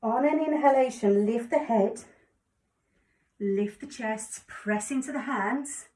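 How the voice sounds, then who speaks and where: A woman calmly guiding a yoga class with encouraging cues. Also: a little high, slow. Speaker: yoga instructor. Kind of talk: guided exercise instruction. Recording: echoey room, distant mic.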